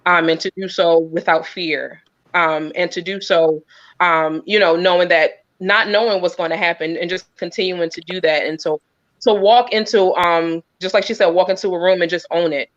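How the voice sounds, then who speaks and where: A woman on a video call giving a sincere, encouraging talk, earnest and pausing with frequent ums. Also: lowish voice, steady tone, no room sound. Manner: earnest, many pauses and filler ums. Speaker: guest speaker. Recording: dull, dry lo-fi sound.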